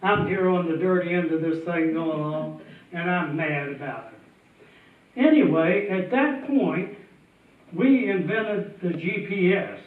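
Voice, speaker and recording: A man's voice: high-pitched, expressive, a little slow. A man telling a tall tale on a festival stage in a folksy, chuckling way. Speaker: storyteller. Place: festival stage before an audience. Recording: tinny, distant, echoey hall sound.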